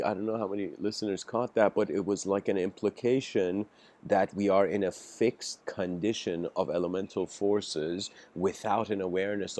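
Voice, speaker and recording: A man giving an improvised philosophical lecture, halting and musing with frequent restarts. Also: lowish voice, warm tone.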